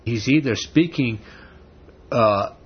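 This preacher takes his time, his medium-pitched voice a bit rough as he talks conversationally and works up to forceful rhetorical questions. It's a dull lo-fi recording with faint noise behind him.

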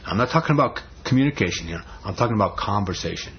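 A man's voice: lowish voice, expressive, very fast. A man giving a folksy, conversational sermon to a live audience, often repeating himself for emphasis. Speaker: speaker on marriage. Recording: dull muffled recording, faint hiss.

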